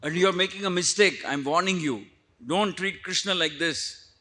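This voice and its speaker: A man's voice: on the high side, normal speed, bright, forceful tone. A man voicing an earnest young boy who insistently warns his mother. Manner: insistent, lecturing.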